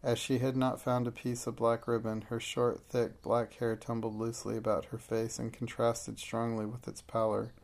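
Male storybook narrator; gravelly, level, unhurried read. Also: mid-range voice, completely flat delivery, a little mellow. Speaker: audiobook narrator. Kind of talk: scripted narration.

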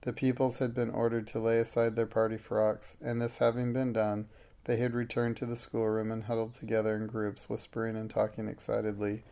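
Male storybook narrator; gravelly, level, unhurried read. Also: fairly low pitch, completely flat delivery, dark tone. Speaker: audiobook narrator. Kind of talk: scripted narration.

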